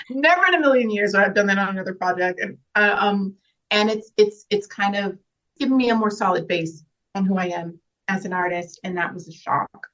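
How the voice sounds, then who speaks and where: A woman's voice: mid-range voice, brisk, fairly bright tone, muffled recording. A woman actress talking earnestly and emotionally about her work, laughing through tears at times. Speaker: actress guest. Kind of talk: emotional interview talk.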